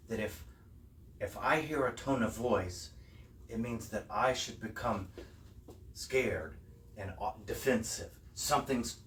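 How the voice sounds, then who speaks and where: A man preaching a sermon as the minister of a church service, slow and reflective, rising to emphatic peaks. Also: fairly low pitch, a bit bright, a little hiss or hum. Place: church hall. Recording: echoey hall, voice from far off, faint ambience.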